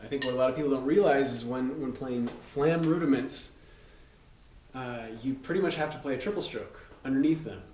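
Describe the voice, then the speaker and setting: Relaxed man teaching drums, roomy and distant. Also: mid-range voice, fairly quick. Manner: relaxed, loose, with fillers and counting aloud. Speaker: drum teacher. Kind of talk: casual instructional talk. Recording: roomy, distant mic, loud noise.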